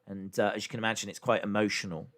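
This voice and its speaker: A man's voice: fairly low pitch, fairly even intonation, rapid-fire, a bit bright. Chatty man reacting live. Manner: chatty, thinking aloud with many fillers. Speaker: live stream host reacting to wrestling. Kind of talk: casual live reaction commentary.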